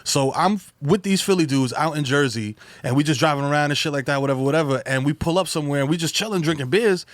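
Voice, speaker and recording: A man from the Bronx with a New York accent, co-hosting a podcast and telling loud, profane stories full of acted-out voices. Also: a little high, fast talker, hardly any pauses, no room sound. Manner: loud, profane storyteller who acts out street voices. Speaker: podcast co-host. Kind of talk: casual chat.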